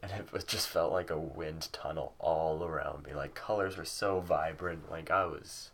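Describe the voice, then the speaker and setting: Deep-voiced teenage guy, casual vlog storyteller, rambly and sweary, lots of fillers. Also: fairly even intonation, normal speed, vocal fry, a bit bright, a little hiss or hum. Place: at home with a cat nearby.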